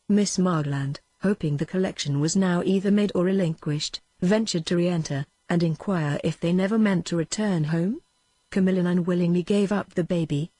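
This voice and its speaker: Breathy synthetic British woman reading. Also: lowish voice, dry recording. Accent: British English. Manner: even, mechanical, reads punctuation aloud. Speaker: audiobook narrator.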